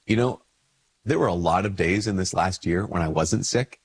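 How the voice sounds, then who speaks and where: Husky-voiced priest with a head cold. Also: male voice, normal speed. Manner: conversational, acts out little dialogues with lifted pitch. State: congested with a cold. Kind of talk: casual spoken reflection to camera.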